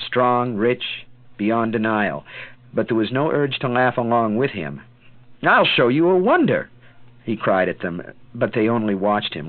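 A man narrating an audiobook in a measured, dramatic way. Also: fairly low pitch, no echo. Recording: tinny phone-like sound.

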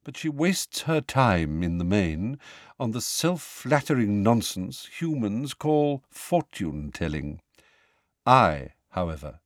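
A man voicing a calm, aloof male centaur teacher in an audiobook, speaking slowly and measured. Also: mid-range voice, no room sound, clean studio sound. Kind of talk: audiobook character voice.

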